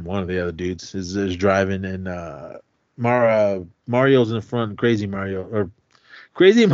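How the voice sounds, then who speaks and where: A man's voice: lowish voice, no room sound. A man co-hosting a podcast, retelling a film's plot in casual chat and acting out the characters' lines. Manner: animated retelling, acts out quotes. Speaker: podcast co-host. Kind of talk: casual movie recap. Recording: slightly muffled, dry sound.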